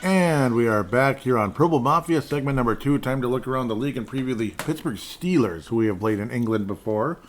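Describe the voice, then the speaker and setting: A man's voice: medium pitch, animated, brisk, hardly any pauses, soft background music. A man hosting a podcast in casual solo sports talk, rambling as he reads scores off a screen, with dry sarcastic asides. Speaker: podcast host. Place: indoors at a desk in front of a screen.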